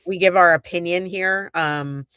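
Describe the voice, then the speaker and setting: Bright-voiced woman podcast co-host. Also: fairly low pitch, clean tone, no room sound. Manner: deliberate, careful disclaimers, quick agreement. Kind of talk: casual opinion talk.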